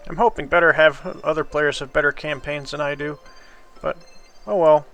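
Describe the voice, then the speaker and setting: A man's voice: a little high, steady tone, normal speed, a bit bright, soft background music. A sleepy man casually commenting on his gameplay, thinking aloud at a drifting pace. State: sleepy, yawning. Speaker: gameplay video host.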